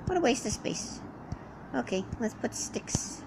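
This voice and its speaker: Woman rambling thru a survival roleplay, talks to herself and the cows, kinda high, voice swoops all over, noisy recording. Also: big pitch swings, unhurried, creaky. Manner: rambling self-talk, chatting to animals. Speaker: game roleplayer. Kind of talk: in-character survival roleplay commentary.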